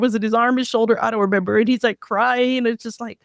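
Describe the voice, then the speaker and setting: A woman's voice: fairly high pitch, fairly even intonation, a little fast, few pauses, no echo, clean studio sound. A woman hosting a film podcast, chatting animatedly and acting out quotes, with a few restarts. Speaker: podcast host. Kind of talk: casual film review chat.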